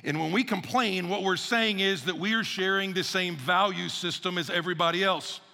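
High, gravelly pastor in an echoing church. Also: male voice, normal speed. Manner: energetic, repeats phrases for emphasis, acts out quotes. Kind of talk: casual conversational sermon. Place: church sanctuary. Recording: long reverb of a large church hall.

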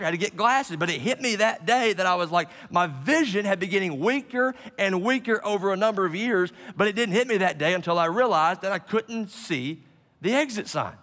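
A man preaching a sermon to his congregation, dropping low and slowing down on key words for emphasis. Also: a bit bright. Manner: preaching with dramatic drops in pitch and slowed emphasis. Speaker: pastor. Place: church sanctuary with a live congregation. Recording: long hall reverb.

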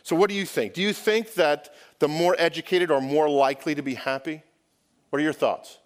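A man's voice: fairly high pitch, steady tone, a little fast. A man from the United States preaching a sermon to his church, conversational, often asking the congregation questions and restarting phrases. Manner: conversational, self-correcting, asks the congregation questions. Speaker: pastor. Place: church sanctuary.

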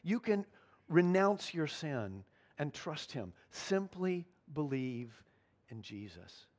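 A man preaching a sermon as pastor, earnest, slowing down to stress key lines. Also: a little high, big pitch swings, a little mellow. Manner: earnest preaching, slows down for emphasis.

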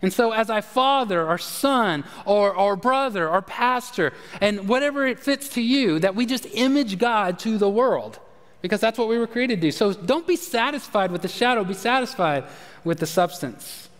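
A man preaching a sermon as pastor, telling a story in a conversational way and dropping low and quiet for emphasis. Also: normal speed, in a large hall. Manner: conversational storytelling, animated shifts, drops low and quiet at key points. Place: church sanctuary.

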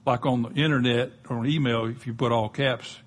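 A man's voice: medium pitch, fairly even intonation, brisk. An older man with a Southern US accent preaching a sermon, folksy and conversational, with touches of humor. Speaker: pastor.

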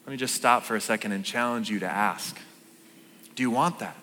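A man in his thirties preaches in a casual, animated style and keeps asking the congregation questions. His voice is bright and forceful. It carries a long reverb from a church auditorium. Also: lowish voice, a little fast, a little hiss or hum. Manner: conversational, animated, asks the room questions. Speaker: pastor. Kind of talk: sermon.

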